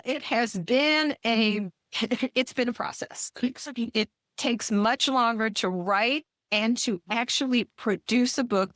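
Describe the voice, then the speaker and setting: A woman's voice: mid-range voice, a bit bright, no echo. Effusive woman guest, dry close sound. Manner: effusive, enthusiastic, frequent restarts. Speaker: guest author and coach. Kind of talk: casual interview chat.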